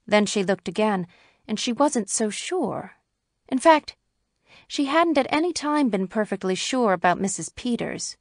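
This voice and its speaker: A woman narrating a classic short story in a measured, even storytelling manner. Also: medium pitch, no room sound, clean studio sound. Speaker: audiobook narrator.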